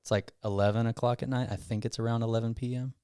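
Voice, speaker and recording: A man who owns a gym, telling a long personal story on a casual podcast, rambling and animated as he quotes himself. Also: mid-range voice, fast, smooth, dry recording, studio quality. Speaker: gym owner guest.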